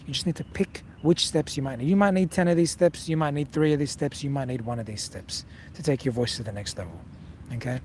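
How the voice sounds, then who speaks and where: A male singing teacher talks the viewer through a casual lesson in a direct, coaching way, often checking in with a quick "okay?". His voice sits a little high for a man. A faint hum of noise runs underneath. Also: darkish tone.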